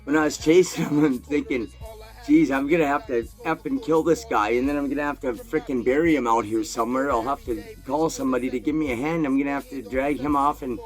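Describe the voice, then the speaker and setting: A man telling a crude, profane personal story in a casual, animated way, swearing constantly. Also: mid-range voice, fairly quick, faint music behind.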